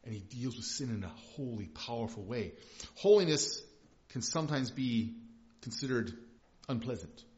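A man's voice: medium pitch, animated, normal speed, a little mellow. Conversational male pastor preaching. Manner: conversational, emphatic, with frequent restarts. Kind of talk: sermon. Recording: slightly dull lo-fi recording.

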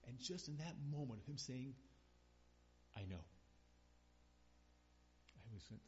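A middle-aged male pastor delivers a sermon in an earnest voice of middle pitch. He builds to emphatic, repeated refrains. The recording sounds dull and lo-fi. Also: expressive, moderate pace, long pauses, darkish tone, slight background noise. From northern Minnesota.

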